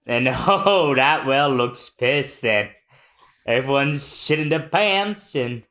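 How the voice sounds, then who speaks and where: A podcast co-host reads a comic in a slow, easygoing way. The pitch swings widely between low murmurs and higher character lines. Laughter comes often between the lines. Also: animated, a bit bright. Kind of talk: casual chat, manga readthrough.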